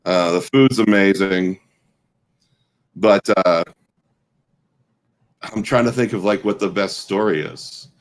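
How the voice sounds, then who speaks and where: A man in his forties from the American Midwest appears as a guest storyteller in a casual chat, spinning a long, rambling anecdote and often restarting his sentences. His voice is deep and slow with frequent pauses, and the recording is rough.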